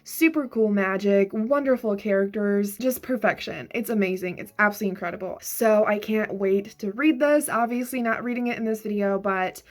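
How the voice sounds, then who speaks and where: Young woman vlogger, relaxed and chatty, talks reading with frequent fillers. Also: medium pitch, moderate pace, few pauses. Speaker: book vlogger. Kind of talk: casual chat.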